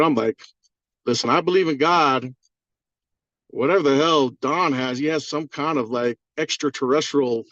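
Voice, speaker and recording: A man's voice: medium pitch, a bit bright, no echo, highs cut off. A man on a community video call, giving a rambling, profane, fired-up testimonial. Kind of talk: excited testimonial on a group call.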